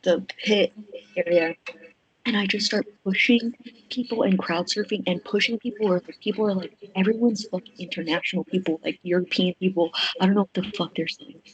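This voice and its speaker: Excited young woman rambling with swearing. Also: medium pitch, fairly quick, lo-fi sound. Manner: rambling, heavy on fillers and swearing; excited storytelling. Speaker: podcast guest. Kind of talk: casual chat.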